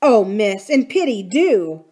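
Picture an earnest, fretful housekeeper, lifting her voice higher in alarm as she questions and pleads, as a woman reading a novel aloud puts her on. The voice is fairly high for a woman and stays plainly her own, with startled, searching questions. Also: very animated, a little slow. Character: anxious kindly middle-aged housekeeper woman.

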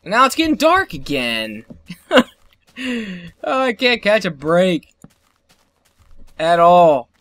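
Young man, let's play commentary, excitable, yelps and curses, slow delivery, bright edgy tone. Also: high voice, no echo. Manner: excitable, yelps and curses at the game, laughs often. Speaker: gameplay commentator.

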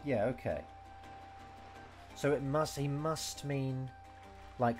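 A man's voice: mid-range voice, lively intonation, takes it slowly, pauses often, soft background music. A man teaching Japanese vocabulary and grammar in a casual, rambling way, full of fillers and restarts. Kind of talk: casual game-based language lesson.

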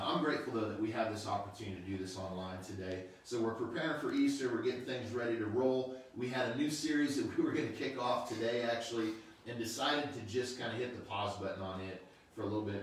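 Laid-back male pastor, low voice, sermon taped from a distance in a booming echoey room with faint hiss. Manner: relaxed, conversational, unhurried. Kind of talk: casual online sermon. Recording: very echoey room, mic far off.

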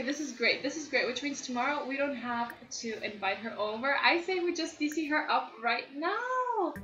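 A young woman casually commentating a life-sim game, chatty and excitable, gushing over what happens on screen. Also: high-pitched, normal speed, hardly any pauses, muffled recording, a little hiss or hum. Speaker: gameplay commentator. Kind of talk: casual let's-play commentary. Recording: roomy echo.

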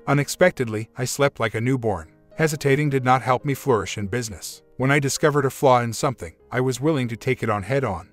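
A man reading a relationship story aloud as its narrator, in a steady, measured way. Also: mid-range voice. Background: faint background music.

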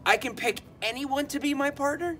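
A man's voice: very high voice, fairly quick, a bit bright, slight background noise, pitched above the performer's own voice. Junior Bear, an eager young cub, as a man voices him. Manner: eager and earnest.

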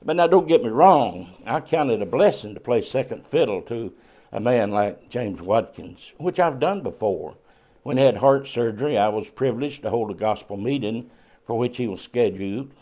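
Folksy church guy telling a humble story, mellow warm voice. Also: medium pitch. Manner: folksy storyteller, self-deprecating. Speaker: segment presenter. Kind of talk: scripted devotional talk with anecdotes.

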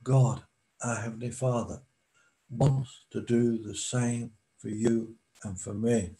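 A man preaching a sermon in a slow, deliberate way, pausing for emphasis. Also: medium pitch, fairly even intonation, dark tone, poor audio.

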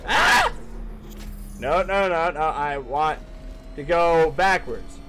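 A young man streaming a video game, chatting casually, swearing and yelling back at what happens on screen. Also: a little high, slow, heavy background noise. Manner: excitable, profane, talks back to the game. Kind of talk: casual gaming commentary.

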